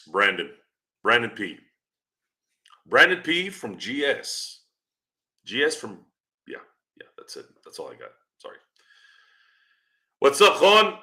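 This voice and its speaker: On a casual sports stream, a podcast host rambles and teases the people in his chat. His mid-range voice sounds pushed and bright.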